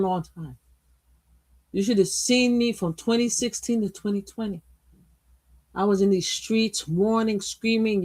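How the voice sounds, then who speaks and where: A woman from Brooklyn hosting a casual political livestream, blunt and profane, swinging between loud outbursts and quiet asides. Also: medium pitch. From Brooklyn, USA. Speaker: livestream host. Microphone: streaming mic.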